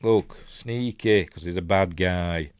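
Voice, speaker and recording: A man's voice: low voice, takes it slowly, clear, resonant tone, no echo, clean studio sound. A Yorkshire man hosting a casual live film breakdown. He rambles, thinks aloud and reads out viewer comments. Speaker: film reviewer host.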